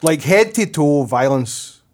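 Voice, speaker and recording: A man chats on a podcast in a laid-back, sweary way. His voice is high and lively in pitch. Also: takes it slowly. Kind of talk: casual chat.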